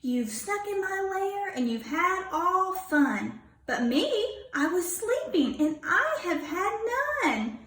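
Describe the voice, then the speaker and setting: A grumpy, sleepy bear , as a woman reading a storybook puts him on, complains in a whiny, loud voice. The storybook voice carries a roomy echo. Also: extremely high pitch, sing-song, slow pace, hardly any pauses, exaggerated voice. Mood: sulky.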